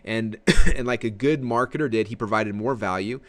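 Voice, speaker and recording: A man presenting a marketing webinar in an energetic, conversational way, often checking in with his audience. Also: fairly low pitch, normal speed.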